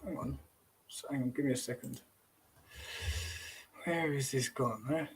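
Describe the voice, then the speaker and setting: A man's voice: medium pitch, a little slow, a little hiss or hum. A man hosting a casual livestream, rambling and exclamatory, often trailing off and restarting mid-sentence. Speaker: host.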